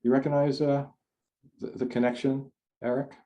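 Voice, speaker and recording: A man's voice: mid-range voice, level tone, normal speed, dark tone, muffled recording. A man giving a conversational talk over a video call, rambling and restarting his sentences often. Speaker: speaker. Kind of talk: online forum talk.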